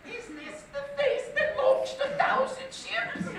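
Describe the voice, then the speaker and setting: A woman's voice: fairly even intonation, slow, very noisy. A swooning, plummy English teacher lady. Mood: grandiose. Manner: swooning, theatrical falsetto. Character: affected high-school English teacher, fake British accent. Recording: echoey hall, distant mic.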